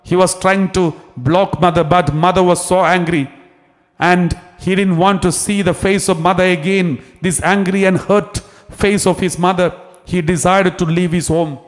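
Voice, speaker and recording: A man's voice: high-pitched, steady tone, moderate pace. A man, a priest, telling a story in a sermon, repeating phrases and restarting as he goes. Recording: long hall reverb.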